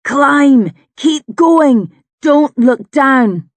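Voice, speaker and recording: A woman's voice: high-pitched, animated, extremely slow, dry recording, voice pushed up, heavily acted. A woman voicing a stubborn older male druid who bellows commands in an audiobook. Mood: urgent shouting. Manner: shouting orders over the sea.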